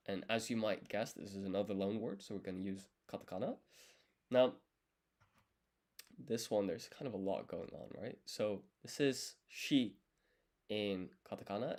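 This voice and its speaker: A young man with a lowish, darkish voice is studying on a live stream. He's a language learner who counts strokes aloud as he writes and patiently explains every step, thinking aloud in a casual session.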